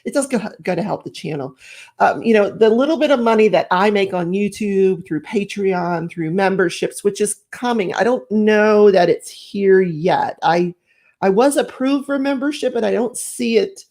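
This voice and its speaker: A woman's voice: mid-range voice, moderate pace, a little mellow. A middle-aged woman hosting a live crafting stream from home, chatting casually, rambling and laughing as she reads out viewer comments.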